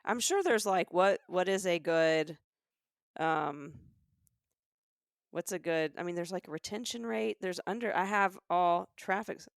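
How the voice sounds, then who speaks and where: A woman's voice: lowish voice, measured pace, no room sound, clean studio sound. A middle-aged woman from Alabama with a Southern American accent, co-hosting a comedy podcast in rambling, self-mocking chat. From Alabama, USA.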